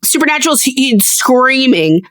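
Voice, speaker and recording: Podcast co-host: lively woman, swears a lot, acts out quotes, dry close mic. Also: high voice, moderate pace, dry recording. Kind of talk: casual chat.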